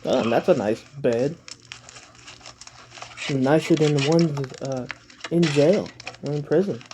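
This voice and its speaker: A man's voice: fairly high pitch, takes it slowly, background noise. A man casually reacting to a video at home, rambling, swearing and making self-mocking jokes.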